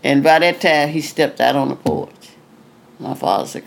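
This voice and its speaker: Older lady ex-singer, husky rough voice, acts out what folks said, lotta "you know". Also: sits low, lively intonation, normal speed, background noise. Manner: chatty, acts out quoted dialogue, frequent "you know". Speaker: retired singer, interviewee. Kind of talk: casual storytelling interview.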